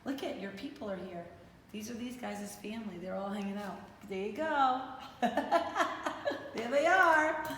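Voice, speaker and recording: Lady doing storytime for little kids, lively and bouncy, big echoey room with a hum. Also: medium pitch, moderate pace. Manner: animated, talks to kids and plays with puppets. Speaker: children's storyteller. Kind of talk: reading a picture book aloud to children. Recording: echoey hall with faint noise.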